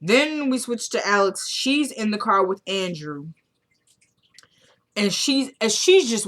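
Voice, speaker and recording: A woman's voice: mid-range voice, lively intonation, takes it slowly, fairly bright tone. Chatty woman recapping a TV episode. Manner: chatty, retells scenes by acting out quoted dialogue; fillers like "you know what I'm saying".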